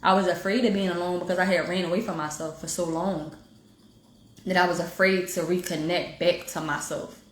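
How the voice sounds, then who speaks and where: A woman's voice: fairly low pitch, fairly even intonation, brisk, echoey room. A woman with an African American Vernacular English accent, hosting a livestream and preaching about self-healing in a direct, emphatic way. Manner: direct, preachy and emphatic, talks straight to viewers. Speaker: livestream host giving spiritual motivation. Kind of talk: casual livestream talk. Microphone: phone livestream.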